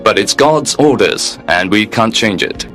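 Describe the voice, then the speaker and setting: Mężczyzna grający uprzejmego urzędnika w niebie. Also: male voice, lowish voice, animated, measured pace, fairly bright tone, soft background music. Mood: calm. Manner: formal, courteous, detached. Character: polite, unbending male receptionist at heaven's gate.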